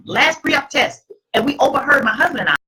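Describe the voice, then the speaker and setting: A middle-aged woman, host, telling her personal testimony to an audience in an emphatic, preacherly way, with a husky voice. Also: sits high, animated, fairly quick, sharp tone, poor audio.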